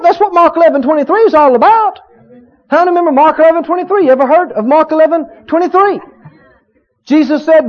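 A man preaching a sermon, stretching out key words for emphasis and rising to loud shouts of praise. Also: extremely high pitch. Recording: dull lo-fi sermon recording.

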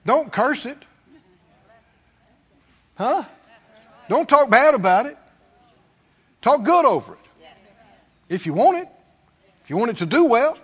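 A pastor delivers a sermon in a church sanctuary, crying out to the congregation and mimicking people complaining. His high-pitched voice is a bit bright and slightly rough, recorded with dull tone and long hall reverb.

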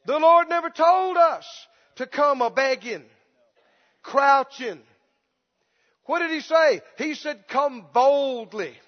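A man preaching a sermon with passion, dropping into a soft pleading whimper to mimic beggars and rising to bold declarations. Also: very high voice, takes it slowly, long pauses. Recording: dull sound with long hall reverb.

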